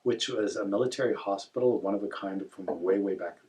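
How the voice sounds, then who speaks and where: A man from northern Ontario chatting casually, telling lively, rambling stories full of self-corrections. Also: lowish voice, a little fast, far from the mic, a little hiss or hum. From northern Ontario, Canada. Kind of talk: casual chat.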